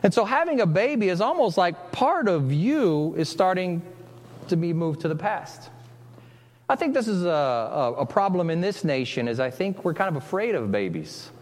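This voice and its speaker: A man's voice: high-pitched, big pitch swings, moderate pace. A man preaching a conversational sermon as pastor, often breaking off mid-sentence and acting out little quoted exchanges. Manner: conversational, self-interrupting, acts out quoted voices. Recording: long hall reverb.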